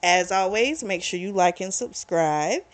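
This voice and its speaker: A woman's voice: fairly low pitch, lively intonation, measured pace. A woman hosting her own book review channel, chatting casually through the plot with lots of "like" and "you know".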